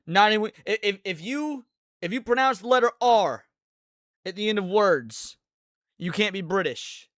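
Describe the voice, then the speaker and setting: Man, high voice, smooth and clear, sarcastic host, dry close sound. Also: animated, moderate pace, fairly bright tone, no echo. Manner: sarcastic, mocking asides; answers viewer chat questions. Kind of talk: casual political commentary chat.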